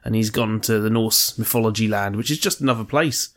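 A man's voice: fairly low pitch, brisk. A man co-hosting a podcast in casual chat, rambling, joking and swearing freely. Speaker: podcast co-host.

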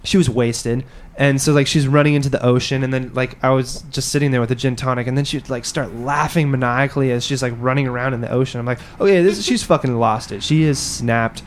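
A man's voice: mid-range voice, flat delivery, fast, few pauses. A man telling a long story in casual podcast chat, swearing freely and raising his voice to act out what others said. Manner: swearing, acts out quotes in a raised voice.

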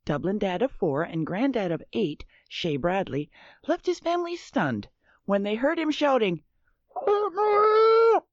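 A woman's voice: medium pitch, sing-song, normal speed, darkish tone, dry recording. A woman co-hosting a comedy podcast, laughing as she reads out news stories. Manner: laughing, reads with mock voices. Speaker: podcast co-host. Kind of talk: casual chat, reading news stories. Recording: dry, dull lo-fi audio.

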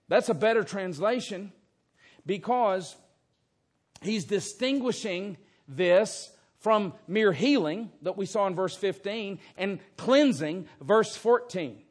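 A man's voice: high-pitched, animated, a little slow. A man preaching an expository sermon in a church, emphatic and fond of rhetorical questions. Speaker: pastor. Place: church sanctuary.

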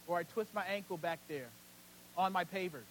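A man with a strikingly high voice preaches to his congregation. He swings between loud, fervent peaks and quiet, close passages. A faint hum sits under his voice. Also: normal speed, poor audio. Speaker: senior pastor. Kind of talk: sermon.

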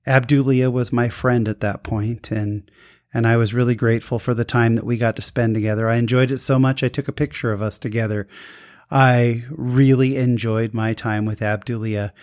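An upbeat man hosting a talk show, moving between easy chat with guests and an earnest personal story. His voice sits at a middle pitch and he speaks warmly and sincerely. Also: fairly even intonation, moderate pace.

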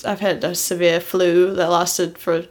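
A woman co-hosting a podcast in casual chat, with heavy vocal fry and a slightly hoarse voice after illness. She is wry and quick to laugh and swears freely. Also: fairly low pitch, level tone, a little mellow. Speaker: podcast co-host.

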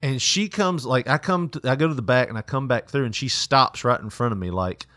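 A man's voice: medium pitch, a little fast, bright, forceful tone, no room sound, clean studio sound. A young man telling a work story in casual chat, laughing often and acting out quotes. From Tennessee.

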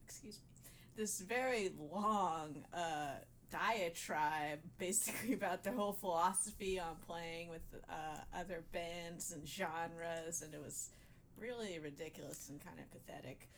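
A woman's voice: fairly low pitch, unhurried, a little hiss or hum. A woman co-hosting a podcast in casual chat, dry and matter-of-fact. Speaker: podcast co-host.

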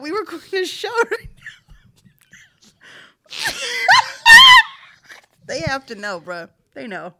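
A woman co-hosting a podcast in casual chat, slangy and animated, laughing often and repeating herself for emphasis. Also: high-pitched, takes it slowly, long pauses, a little hiss or hum. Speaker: podcast co-host.

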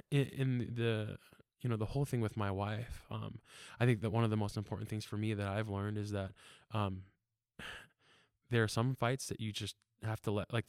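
A young man giving a casual church testimony about his wife and sons, earnest and halting, with many fillers and restarts. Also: fairly low pitch, no room sound, clean studio sound. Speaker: church member sharing testimony.

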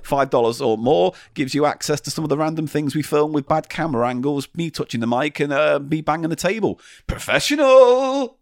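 A man's voice: a little high, brisk, gravelly, few pauses, no echo. A man hosting a podcast, telling stories in casual chat and swearing freely. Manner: animated storytelling, swears freely. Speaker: podcast host.

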